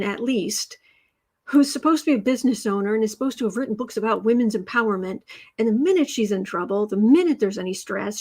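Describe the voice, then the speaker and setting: An American woman hosts a tarot livestream, chatting casually as she reads viewer comments and tossing in sarcastic, mocking asides. Her voice sits a little high, brisk and slightly mellow.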